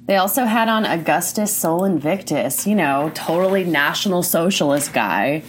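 Woman, show host, lowish voice, blunt, indignant, casual rant. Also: animated, moderate pace, few pauses, slight background noise. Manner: indignant, blunt, swears often. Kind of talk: casual ranting commentary.

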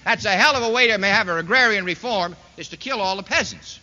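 Speaking in a high, bright voice with a forceful tone and a fairly quick pace, a man addresses a live crowd with a political speech. He's folksy and sarcastic, leaning on rhetorical questions, and the recording is dull and lo-fi with hall reverb.

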